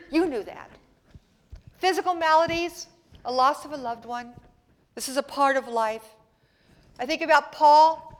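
A woman pastor preaching a sermon in church, swinging between soft, playful asides to the congregation and loud, emphatic passages. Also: sits high.

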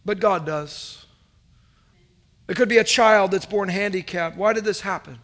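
A pastor in his thirties, his pitch noticeably high for a man, delivers a sermon at a measured pace. He relates stories conversationally and with animation, pausing for side remarks.

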